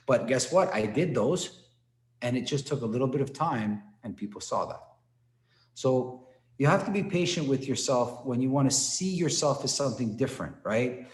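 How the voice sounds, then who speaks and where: Male instructor from Toronto, mid-pitched, casual and encouraging, on a video call in an echoey room. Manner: storytelling, encouraging, many "right?" and "okay?" tags. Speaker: martial arts instructor. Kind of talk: online class talk. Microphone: computer mic on a video call.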